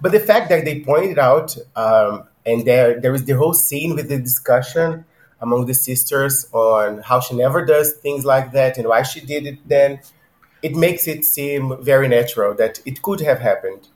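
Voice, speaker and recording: A man's voice: mid-range voice, moderate pace. A man co-hosting a casual book discussion podcast, chatty and laughing easily, with frequent ums. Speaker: podcast co-host. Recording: roomy echo.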